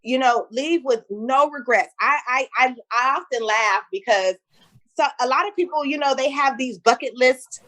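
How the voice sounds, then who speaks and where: A woman's voice: sits high, normal speed. A middle-aged woman who tells stories in a casual interview and acts out the voices she quotes. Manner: storytelling, animated, acts out quotes. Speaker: guest entrepreneur.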